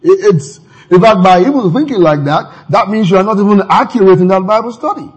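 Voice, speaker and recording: A man's voice: sits high, a little fast, breathy edge, poor audio. A man preaching a sermon in a conversational way, with laughing asides and many fillers.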